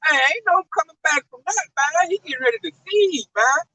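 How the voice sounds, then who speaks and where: A man's voice: very high-pitched, lively intonation, fairly quick, sharp tone, far from the mic, slight background noise, poor audio. A man in fervent religious talk full of slang, preaching animatedly and often saying "man". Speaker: religious commentator.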